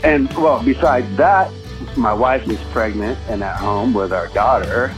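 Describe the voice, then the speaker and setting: A man casually telling a story, breaking into lively impressions of the people in it. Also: mid-range voice, unhurried, soft background music, rough recording. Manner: animated, acts out the cop's lines.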